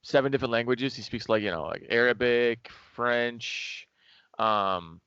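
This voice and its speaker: Young man, smooth clear voice, relaxed and jokey, dry close sound, dull lo-fi. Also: mid-range voice, unhurried, no room sound. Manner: relaxed, jokey, hesitant with fillers. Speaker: podcast co-host. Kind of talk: casual chat.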